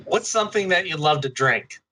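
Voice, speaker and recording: A man hosting a podcast, asking a guest friendly quick-fire questions in casual chat. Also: fairly high pitch, expressive, background noise. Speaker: podcast host.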